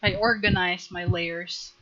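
A woman teaching a live drawing tutorial on stream, chatty and giggly, gently coaching her viewers. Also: on the low side, steady tone, measured pace, dull audio.

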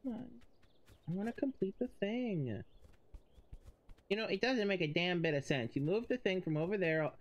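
A woman's voice: on the low side, expressive, normal speed, pauses often, lo-fi sound. A woman streamer giving casual, chatty commentary while playing a video game, talking to the characters.

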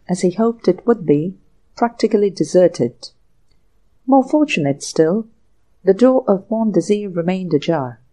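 A woman narrating a classic short story for an audiobook in a measured, even way. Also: on the low side, poor audio. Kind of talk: scripted narration.

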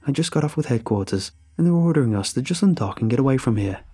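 A man voicing a cautious male officer who speaks in a measured, doubtful way. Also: mid-range voice, animated, warm tone, breathy edge, voice pushed up.

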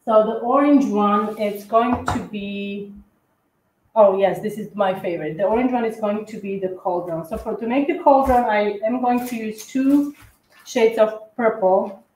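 A woman co-hosting a live cookie-decorating tutorial, chatting in a halting way with lots of fillers and restarts. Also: mid-range voice, darkish tone, roomy sound, a little hiss or hum, low-quality recording. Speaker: cookie decorating livestream co-host. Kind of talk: casual tutorial chat while decorating.

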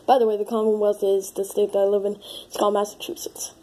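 A woman chatting through a casual comedic vlog with a noticeably high-pitched voice. She is excitable and quick to break into panicky exclamations. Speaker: video creator.

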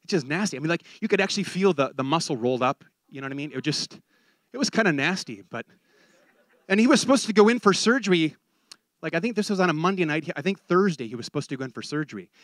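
Animated high-voiced male preacher. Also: fast, no room sound, clean studio sound. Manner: animated, repeats words while building a point. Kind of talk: sermon.

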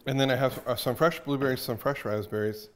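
A man's voice: medium pitch, fairly even intonation, fast talker, a little hiss or hum. A man hosting a casual cooking show, chatting upbeat while he cooks in a kitchen.

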